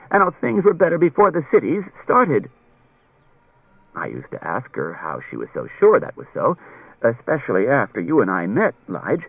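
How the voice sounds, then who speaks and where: A man's voice: high voice, husky, no room sound, pitched above the performer's own voice, heavily acted. A man voicing a rambling chatty wife. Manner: rambling, circuitous storytelling. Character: chatty anxious wife, adult woman. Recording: dull lo-fi audiobook recording.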